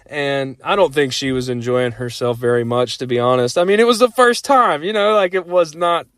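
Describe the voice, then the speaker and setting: A man's voice: medium pitch, normal speed, fairly bright tone, smooth, no room sound, studio quality. A man in his thirties casually telling a rambling personal story, full of fillers and frequent laughs.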